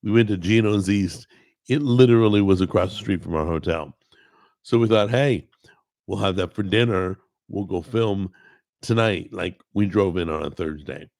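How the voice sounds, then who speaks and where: Gravelly low-voiced man chatting slowly. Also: a little mellow, no room sound. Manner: rambling, self-correcting, talks to the chat. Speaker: host. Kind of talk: casual live-stream chat.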